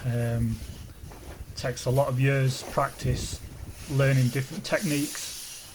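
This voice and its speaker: A man narrating his own car bodywork video as a voice-over, in a nervous, monotone way with frequent ums. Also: medium pitch, unhurried, background noise. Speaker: car body repairer.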